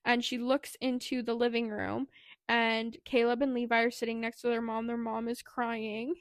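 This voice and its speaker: A woman's voice: fairly high pitch, level tone, normal speed, no echo, clean studio sound. A woman co-hosting a podcast, casually retelling a book's plot in a chatty way, with plenty of "like" and "anyway". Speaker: podcast co-host. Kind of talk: casual book recap.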